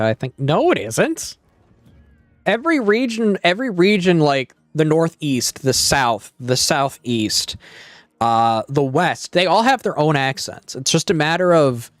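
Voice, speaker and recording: A man's voice: medium pitch, dry recording. A man chatting casually while playing a game, answering questions from his chat. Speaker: gaming streamer. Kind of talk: casual gameplay commentary.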